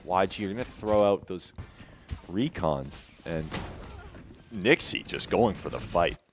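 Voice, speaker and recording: A man doing rapid play-by-play commentary as an esports caster, often stammering over restarts. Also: low voice, lively intonation, a little hiss or hum. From Canada.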